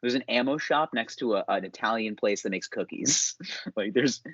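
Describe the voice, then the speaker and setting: A man's voice: medium pitch, moderate pace, fairly bright tone, slightly rough, no room sound. A young man co-hosting a podcast in loose casual chat, rambling, swearing and laughing often. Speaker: podcast co-host. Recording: dull, dry, lo-fi podcast mic.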